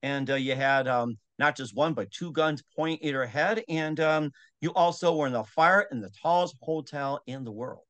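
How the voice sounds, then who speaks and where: A man's voice: a little high, normal speed, hardly any pauses, a bit bright. A man hosting an interview, asking casual questions with short reactions. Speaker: interview host.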